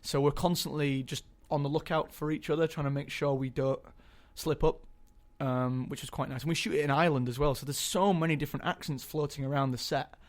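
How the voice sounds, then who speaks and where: A man's voice: fairly high pitch, fairly even intonation, a little fast, hardly any pauses. Young guy chatting in an interview, lots of ums and restarts, easygoing. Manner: chatty, hesitant with many ums. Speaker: guest actor. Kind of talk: casual interview chat.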